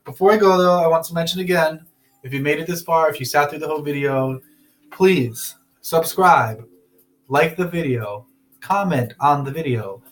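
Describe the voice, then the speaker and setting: A young man with a slightly raised pitch hosts a casual talk show from home. He rambles loosely and laughs often as he wraps up, easygoing and unscripted. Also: normal speed. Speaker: podcast host. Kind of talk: casual chat.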